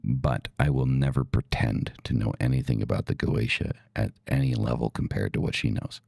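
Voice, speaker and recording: A man's voice: a bass voice, fairly even intonation, normal speed, creaky, darkish tone, slightly rough, no echo. A man hosting a podcast, talking casually, blunt and profane with emphatic delivery. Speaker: podcast host. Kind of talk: casual talk.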